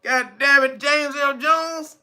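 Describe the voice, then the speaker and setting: A man in his forties hosting a casual monologue, animated and emphatic, often laughing and swearing. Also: very high-pitched, slow pace. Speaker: channel host.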